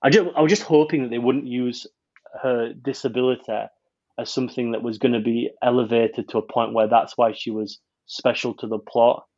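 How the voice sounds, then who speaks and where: A man's voice: mid-range voice, fairly even intonation, normal speed, darkish tone, highs cut off. A man reviewing a film on a podcast in casual chat, rambling with many restarts.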